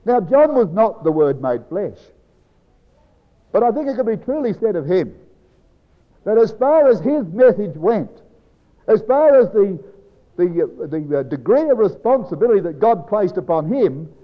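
A man preaching a Bible exposition to a congregation, slow and emphatic, dropping low and soft on key phrases. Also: very animated. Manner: addresses congregation as brethren and sisters. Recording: dull lo-fi recording with long hall reverb.

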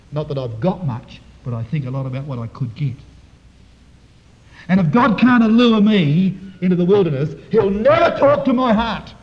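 A man preaching a sermon, explaining Bible verses and often addressing his listeners as brethren and sisters, moving between quiet reflection and loud emphasis. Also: high-pitched. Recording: dull, lo-fi recording in a reverberant hall.

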